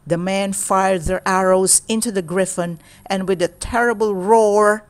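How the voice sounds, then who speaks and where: A woman reading a children's storybook aloud in a steady, clear storytelling manner. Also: mid-range voice, measured pace. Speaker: storybook reader.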